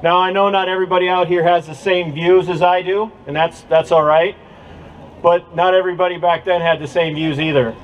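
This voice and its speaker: A man's voice: high voice, level tone, a little fast, a little hiss or hum, low-quality recording. A man giving an impassioned speech to a crowd at an outdoor rally, with a preacher-like cadence. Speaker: rally speaker.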